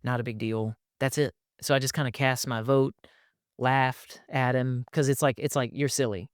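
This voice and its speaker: Animated male podcast host, dry close sound. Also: mid-range voice, normal speed, clear, resonant tone, no echo. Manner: animated storyteller, laughs often, slips into playful voices. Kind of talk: casual podcast chat.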